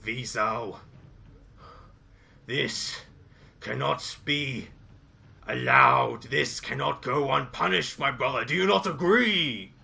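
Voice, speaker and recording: A man voicing a gruff male ogre warrior who hunts heretics, speaking in theatrical, solemn declarations. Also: mid-range voice, slow pace, pauses often, sharp tone, heavily acted. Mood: grim.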